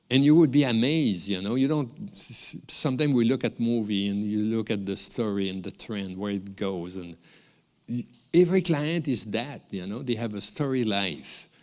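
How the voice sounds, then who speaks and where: A man with a French accent giving a rambling, unscripted graduation speech, with many restarts and small chuckles. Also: on the low side. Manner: rambling, warm asides, frequent restarts and chuckles. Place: large ceremony hall. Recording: long hall reverb from the ceremony room.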